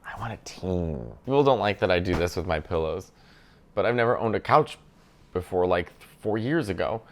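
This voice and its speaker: Comedian-host type, male, low-pitched, chatty, cheeky, cursing freely. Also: expressive, brisk, slight background noise. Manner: playful, chatty, swears freely; switches languages mid-thought. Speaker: comedian reacting to a video. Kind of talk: casual reaction commentary.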